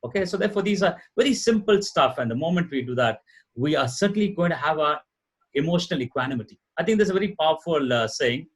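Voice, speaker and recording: Earnest Indian man with a husky voice. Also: fairly high pitch, animated, fast talker. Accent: Indian English. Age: middle-aged. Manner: earnest, repetitive, emphatic explaining. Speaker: guest speaker, corporate trainer. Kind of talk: lecture-style talk show answer. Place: live event before an audience.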